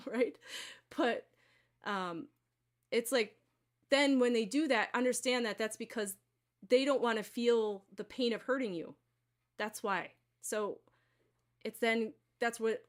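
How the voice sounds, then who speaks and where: Hosting a live stream of card and pendulum readings, a woman with a somewhat high voice talks casually to her viewers. She rambles, using many fillers and restarting often.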